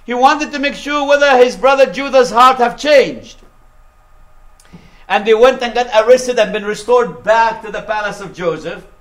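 High-voiced man preaching a story. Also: moderate pace. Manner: animated retelling with laughter and acted quotes. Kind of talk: sermon storytelling.

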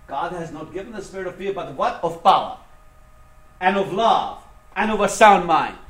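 A preacher alternates between soft, low-voiced moments and raised, forceful emphasis, asking his congregation questions to answer. The sound is reverberant.

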